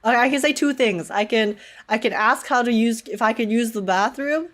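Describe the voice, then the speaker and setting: A woman's voice: fairly high pitch, moderate pace, fairly bright tone. A young woman from Canada chatting and laughing often while live-streaming a game. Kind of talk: live gameplay chat.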